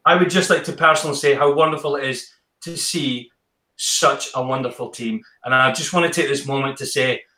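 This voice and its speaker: A man's voice: mid-range voice, fairly quick, pushed and bright. Effusive man host in echoey room. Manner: effusive, enthusiastic, restarts often. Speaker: podcast host. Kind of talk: casual interview chat.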